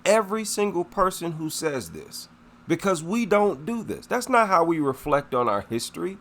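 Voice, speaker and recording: A man's voice: on the high side, very animated, normal speed, fairly bright tone. A man giving indignant reaction commentary on a clip, scornful and emphatic, repeating his points for weight. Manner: emphatic, repeats himself for effect.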